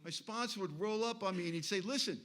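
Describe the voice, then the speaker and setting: A middle-aged man speaking at a recovery meeting, telling his story in an animated way and acting out the people he quotes. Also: high voice, fast talker.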